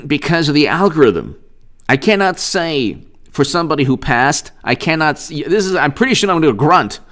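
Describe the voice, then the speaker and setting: A man's voice: on the high side, very animated, moderate pace, a bit bright. A man hosting a casual live stream of political commentary, rambling and long-winded as he thanks viewers.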